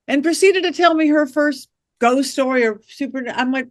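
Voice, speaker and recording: A woman guest on an interview podcast, a witch and medium, telling lively stories and acting out the voices of people she quotes. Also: a little high, a little slow, no echo, clean studio sound. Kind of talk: storytelling interview chat.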